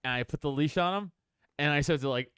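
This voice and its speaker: A man's voice: quick pace, smooth, no echo, studio quality. A young man co-hosting a comedy podcast, telling a story with lots of swearing and acting out his own lines in a whiny voice. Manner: animated, swearing, acts out his own quotes in a whiny high voice. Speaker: podcast co-host.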